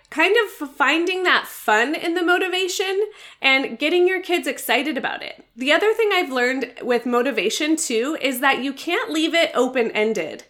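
A woman in her thirties gives parenting tips in a casual live talk, in a crisp, bright voice that sits a little high. She sounds earnest and encouraging, and she slips into lively voices when she quotes a parent. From United States. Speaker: parenting podcast host. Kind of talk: casual advice talk from a social media live.

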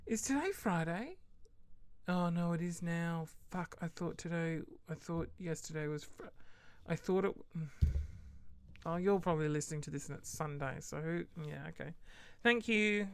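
A woman's voice: sits low, steady tone, moderate pace, a little mellow, clear, resonant tone, dry recording. A woman hosting a casual solo podcast, rambling chattily and acting out quoted voices with sudden whispered asides. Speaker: podcast host.

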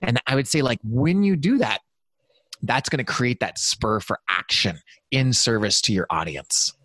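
A man's voice: mid-range voice, lively intonation, moderate pace, a bit bright, no echo. A man speaking as a guest on a podcast, enthusiastic and jokey in casual interview talk. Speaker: podcast guest, performance strategist.

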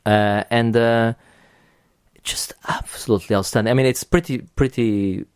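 A man's voice: mid-range voice, fairly even intonation, moderate pace, smooth, no room sound, clean studio sound. A man hosting a podcast in casual chat, talking enthusiastically with many restarts and casual swearing. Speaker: podcast host.

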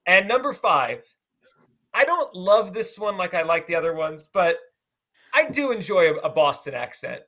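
Male podcast host, chatty; high, bright tone that stumbles and restarts. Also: very animated, normal speed. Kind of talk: casual podcast chat.

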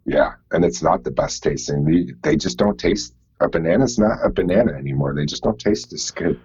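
Gravelly low-voiced man on a dull line. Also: animated, brisk, darkish tone, no echo. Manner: agreeable, chuckling along. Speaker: podcast guest. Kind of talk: casual chat.

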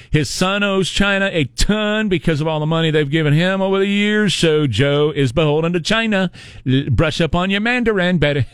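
A man's voice: a little high, no room sound. A man hosting an opinionated commentary monologue from the United States, sarcastic and mocking, full of rhetorical questions. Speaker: political commentary host.

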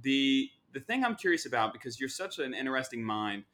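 A male podcast host with an ordinary mid-range voice, chatting casually with a guest. He is enthusiastic, chiming in with quick affirmations and acting out playful quotes. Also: mid-range voice, animated, a bit bright.

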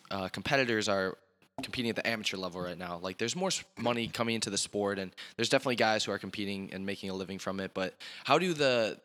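A man hosting a podcast interview, relaxed and agreeable in casual chat. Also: fairly low pitch. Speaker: podcast host.

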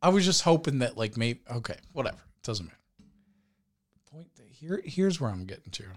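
Animated young man telling a crude story. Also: mid-range voice, brisk. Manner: animated storyteller, breaks into laughter, shouts quoted lines. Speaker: podcast co-host. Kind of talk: casual storytelling chat.

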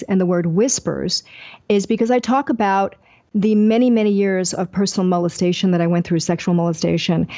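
Older woman, author guest, candid and animated storyteller, mellow tone, lo-fi sound. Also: medium pitch. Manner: animated, acts out quoted dialogue.

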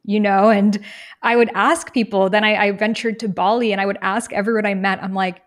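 A woman's voice: mid-range voice, a little fast. A young adult woman, a guest in an interview, telling her life story in an earnest, reflective way and briefly acting out other people's words. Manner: earnest, reflective, animated when quoting others. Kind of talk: personal storytelling in conversation.

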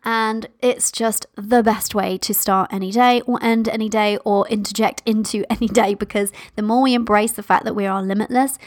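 A woman's voice: medium pitch, fairly even intonation, normal speed, hardly any pauses, dry recording, studio quality. A woman hosting a motivational podcast, speaking encouragingly to her listeners and calling them "my love". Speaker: podcast host.

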